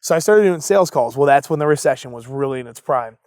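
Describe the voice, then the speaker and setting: A young adult man, a business founder, telling a story casually in an interview, animated and full of fillers and acted-out quotes. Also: medium pitch, quick pace, no echo, clean studio sound.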